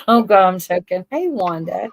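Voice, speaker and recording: A woman's voice: medium pitch, expressive, a little slow, no room sound, low-quality recording. A woman, hosting a live stream and chatting casually, laughing often as she tells stories. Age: 40s. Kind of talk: casual chat.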